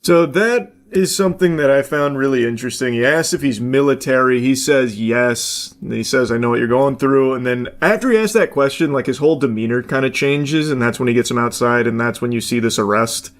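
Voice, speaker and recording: A man's voice: medium pitch, a little fast, few pauses. A man giving blunt, casual reaction commentary, talking loosely with plenty of fillers.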